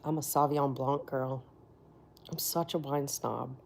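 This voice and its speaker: A woman's voice: extremely low pitch, steady tone, a little slow, vocal fry. A woman chatting casually with viewers on her livestream, laughing often and sometimes dropping to near whispers. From Florida. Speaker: livestream host.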